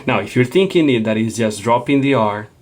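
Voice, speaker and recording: A man's voice: mid-range voice, animated, fairly quick, a little mellow. A man teaching a Spanish lesson, explaining patiently and checking in with a frequent "okay?". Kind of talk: classroom lecture.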